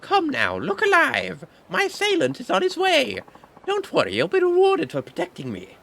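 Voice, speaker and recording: A man's voice: huge pitch swings, moderate pace, vocal fry, fairly bright tone, full character voice. A man voicing an old fortune teller woman in a crackly hag voice, cryptic and theatrical. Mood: mysterious. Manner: high-pitched and dramatic.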